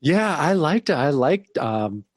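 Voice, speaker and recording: A man's voice: on the high side, slow, no echo. Male co-host, easygoing comics chat with fillers, dry close mic. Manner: relaxed, hesitant with fillers. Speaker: podcast co-host. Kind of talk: casual comic book discussion.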